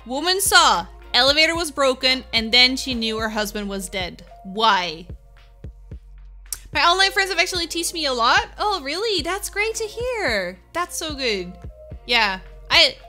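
A woman's voice: on the high side, bright, forceful tone. A woman streamer chatting casually with her live viewers, upbeat, laughing often and answering them by name.

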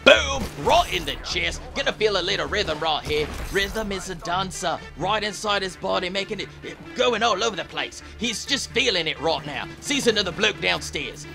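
Hyped man with gravelly voice. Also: animated, normal speed, few pauses. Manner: exclamatory, shouts "boom" at each kill. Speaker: host of gameplay clip countdown. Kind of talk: hyped gameplay commentary. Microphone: headset. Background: music.

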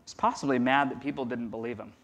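Male pastor, mid-pitched, conversational sermon delivery, wide loud-to-quiet swings. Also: steady tone, fast talker. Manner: conversational, swings from loud emphasis to near-whisper. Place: church.

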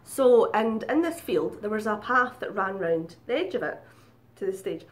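A woman's voice: mid-range voice, lively intonation, normal speed. Chatty woman, swearing freely. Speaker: vlogger. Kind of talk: casual storytelling.

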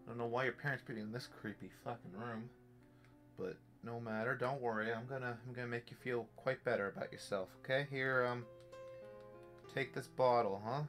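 A young man giving live commentary on a virtual reality horror game, jumpy and jokey, swearing as he talks to himself. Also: medium pitch. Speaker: gameplay streamer. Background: faint game music.

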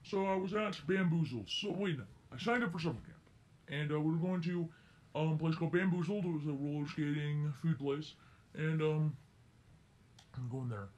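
A teenage boy tells a rambling story in a casual story-time vlog, circling back and correcting himself. His voice is fairly high and a little mellow, at normal speed.

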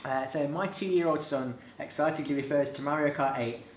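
A man's voice: a little high, moderate pace, echoey room, a little hiss or hum. A man interviewing a guest, laughing often and poking fun at himself as he reads out questions. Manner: laughing, self-deprecating.

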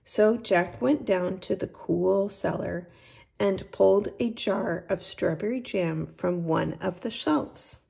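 Slow, gravelly woman reading a storybook. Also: medium pitch. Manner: gentle, unhurried storytelling. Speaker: storytime host. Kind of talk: children's read-aloud.

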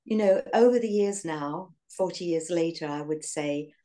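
An English woman in her sixties recalls her past in an interview. Her voice sits very low, and she speaks reflectively, pausing on fillers and breaking into soft laughs. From England. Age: 60s. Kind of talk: reminiscing in an interview.

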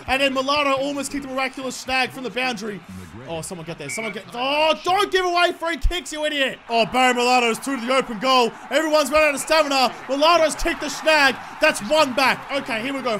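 High-voiced excitable young man gaming. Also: background noise. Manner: excitable, sweary, shouts at the players. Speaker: gaming YouTuber. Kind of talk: live gameplay commentary.

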